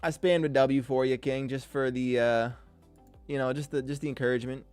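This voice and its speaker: A man's voice: mid-range voice, fairly even intonation, a little fast, darkish tone, clear, resonant tone, faint music behind. Hype male day-trading streamer. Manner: hype, calls viewers "King", slangy and upbeat. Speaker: day-trading livestream host. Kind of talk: casual live-stream chat, reading viewer comments.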